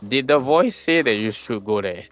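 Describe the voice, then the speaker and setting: A man's voice: medium pitch, animated, normal speed, fairly bright tone, faint music behind. A man acting as game master in a casual tabletop session, musing aloud and humming filler syllables as he thinks.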